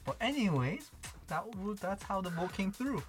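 A man's voice: sits high, sing-song, normal speed, over music. A young man from Britain co-hosting a podcast with teasing, dry banter. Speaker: podcast co-host. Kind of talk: casual chat.

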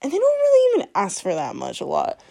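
A podcast host with a high, creaky, dark-toned voice rants quickly in a solo episode, her pitch swinging hugely. She bluntly and profanely scolds her listeners, laughing between lines.

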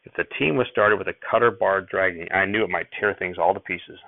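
Low gravelly male audiobook narrator. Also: a little fast, no echo. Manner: steady storytelling, first-person. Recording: tinny phone-like audio, dry.

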